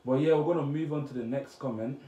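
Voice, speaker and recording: A young man from Cameroon, chatting casually as he reacts to comments on his vlog, blunt and slangy with sudden loud outbursts. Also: medium pitch, fast talker. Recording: echoey room with faint noise.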